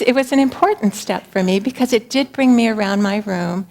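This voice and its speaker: A woman shares a personal spiritual talk with her community in a gentle, earnest tone. Her voice sits at an ordinary middle pitch, and she speaks reflectively, at times softening to near a whisper. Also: brisk, hardly any pauses, slight background noise.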